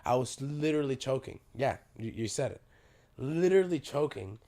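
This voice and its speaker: A man hosting a podcast, telling a story in a casual, animated way, swearing freely, his voice worn by a sore throat. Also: medium pitch, normal speed. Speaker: podcast host. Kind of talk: casual chat.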